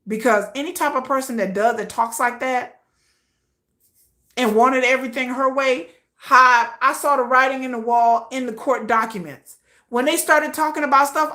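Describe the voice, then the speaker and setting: Woman livestream host, blunt and slangy, bright tone, higher voice. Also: normal speed. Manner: blunt, animated and slangy, acting out quoted lines. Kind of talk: casual opinion livestream.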